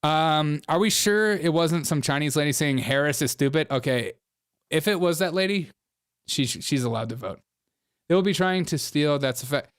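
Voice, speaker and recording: A man's voice: a little high, normal speed, clean tone, no room sound, studio quality. A man hosting a casual political reaction show, sarcastic and often laughing between remarks. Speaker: host of a political commentary show.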